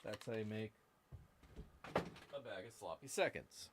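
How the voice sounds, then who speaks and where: A man's voice: on the low side, unhurried, pauses often, a little hiss or hum. A man hosting a casual live stream, joking and rambling to his viewers while he works at a workbench. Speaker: live-stream host prospecting for gold. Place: indoor workbench.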